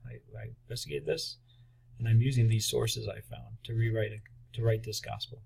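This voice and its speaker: A man's voice: mid-range voice, little pitch movement, brisk, gravelly, a little mellow, breathy edge. A man giving a conversational seminary lecture in a classroom, animating quotes and using frequent fillers. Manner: conversational, acts out quoted voices, many fillers.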